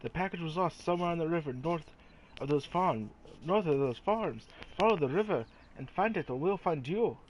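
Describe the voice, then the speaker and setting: A gruff, bossy male dwarf barking orders in a clumsy put-on accent, as a man reads a letter aloud. It sits a little higher and louder than his normal voice. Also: lively intonation, moderate pace, a little hiss or hum, close to an everyday voice, poor audio. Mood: stern. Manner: clumsy mock accent, stern.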